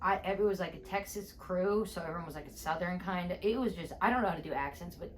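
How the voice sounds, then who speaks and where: Comedian lady telling a story on a podcast, lively, kinda low voice, acts out every bit. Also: fast talker, slight background noise. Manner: animated, acts out every exchange with "I'm like". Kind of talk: comic storytelling in a podcast chat.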